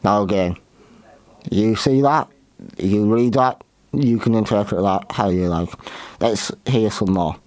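A man hosting a history talk show, giving opinionated commentary in a halting way, often repeating and restarting his words. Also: lowish voice, darkish tone, dry recording.

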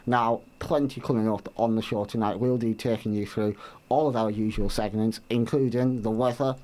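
A man's voice: fairly low pitch, fairly even intonation, a little mellow. A man hosting a casual radio show in a studio, joking and often restarting his sentences. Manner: hesitant, halting restarts with dry jokes. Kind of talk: casual student radio chat.

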